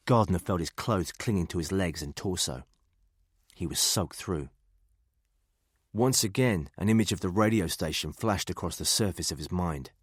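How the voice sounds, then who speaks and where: A man reading a thriller audiobook in a measured, even way. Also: low-pitched, breathy edge, dry recording, studio quality. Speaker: audiobook narrator. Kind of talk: scripted thriller narration.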